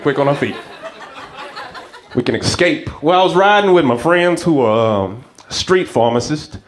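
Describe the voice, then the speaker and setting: Brief: male stand-up comic, high, bouncing voice, animated live set. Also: unhurried, background noise. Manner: animated storytelling, acts out characters. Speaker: stand-up comedian. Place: comedy stage before a live audience.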